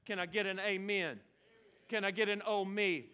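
A man's voice: sits high, steady tone, moderate pace, bright, forceful tone, clean tone. A man, preaching a sermon as pastor, telling a humorous, self-deprecating story and joking with the congregation. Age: 40s. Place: church sanctuary.

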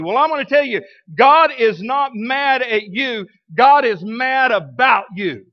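A man with a Southern American accent, a pastor preaching an animated sermon to his church. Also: high voice, dull audio. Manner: animated, preaching with shifting loudness. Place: church sanctuary.

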